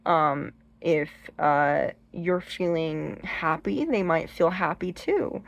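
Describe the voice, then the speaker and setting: Low and gravelly, her voice moves slowly but with lively intonation, and the sound quality is lo-fi. This channel host gives chatty, rambling advice on haunted objects, restarting frequently and dramatically acting out shrieks and gestures.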